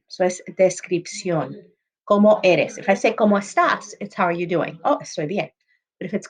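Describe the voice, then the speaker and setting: A woman's voice: lowish voice, darkish tone, low-quality recording. A woman teacher giving a recorded Spanish lesson, explaining patiently and moving between English and Spanish examples. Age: adult, not young.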